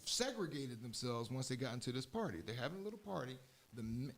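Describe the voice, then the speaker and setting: A man with a Philadelphia-area accent, hosting a radio show in a rambling, chatty way, often correcting himself mid-sentence. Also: medium pitch. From southeastern Pennsylvania. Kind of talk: casual talk radio chat.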